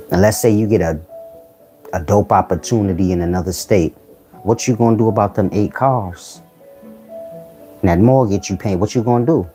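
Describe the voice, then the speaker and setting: A man's voice: low-pitched, mellow. A man giving a casual philosophical monologue to his viewers, blunt and full of street slang, firing rhetorical questions. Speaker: channel host giving life advice.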